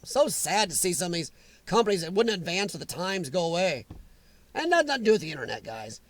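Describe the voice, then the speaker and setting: A man's voice: high-pitched, big pitch swings, fast talker, fairly bright tone, no echo. A middle-aged man, hosting a casual live chat, teasing and joking with commenters. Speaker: livestream host reading chat.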